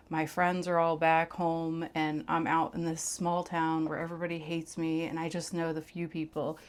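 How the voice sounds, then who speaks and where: Low, flat-voiced woman telling her story. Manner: blunt and profane, drops into hushed tones. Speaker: vlogger sharing her past. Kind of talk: candid personal storytelling.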